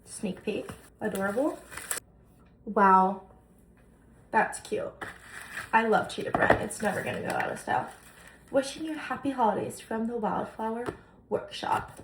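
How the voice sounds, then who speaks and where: A young woman chatting excitedly as she unboxes gifts for her vlog, gushing over each item. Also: a little high, a little slow, pauses often. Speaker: lifestyle vlogger. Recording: echoey room, noisy background.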